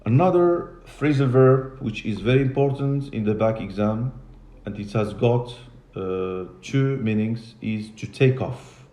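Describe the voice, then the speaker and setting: A man from Morocco with a mellow, medium-pitched voice teaches English a little slowly, patiently repeating and spelling words and switching into Arabic and French. The classroom recording is echoey.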